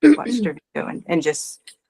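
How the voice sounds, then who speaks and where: A woman guest, nervous and excited, talking in halting bursts before her session. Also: on the low side, slightly rough. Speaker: session participant. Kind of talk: casual chat.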